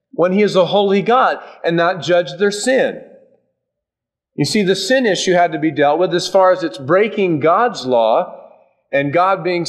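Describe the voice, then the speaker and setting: A man preaching a sermon in an emphatic, folksy, animated way. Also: fairly high pitch.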